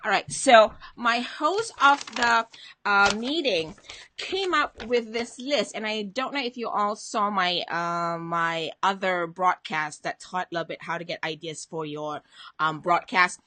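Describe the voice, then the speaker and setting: A woman's voice: medium pitch, a little slow, pushed and bright. A woman hosting a motivational live stream from home, chatting casually, greeting viewers by name and reading out their comments.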